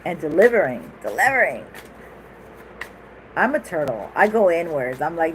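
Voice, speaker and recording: A woman's voice: low voice, sing-song, normal speed, long pauses, slight background noise, low-quality recording. A woman giving a casual tarot reading in a chatty, rambling way, laughing often and going off on asides. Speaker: tarot reader.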